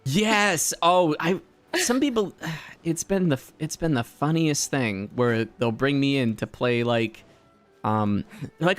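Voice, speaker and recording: A young man hosting a casual conversation about voice acting, animated and laughing often, acting out quotes. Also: mid-range voice, measured pace, soft background music. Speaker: host, voice actor.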